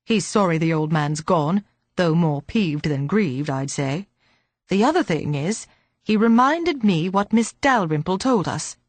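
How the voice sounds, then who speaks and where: A woman voicing a wry, cheerful police sergeant, pushing her voice low and gruff to play a man. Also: animated, a little slow, no room sound.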